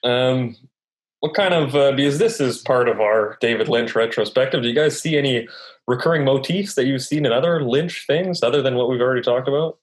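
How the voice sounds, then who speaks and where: Laid back guy hosting a movie podcast, mid pitched, lots of agreeing. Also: fairly quick. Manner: easygoing, agreeable, frequent backchannels. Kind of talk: casual chat about film.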